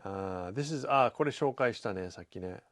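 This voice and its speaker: Relaxed man reading viewer comments. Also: quick pace. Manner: reads viewer comments aloud, relaxed and chatty; breaks into playful high scolding voices. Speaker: host. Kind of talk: casual livestream comment reading.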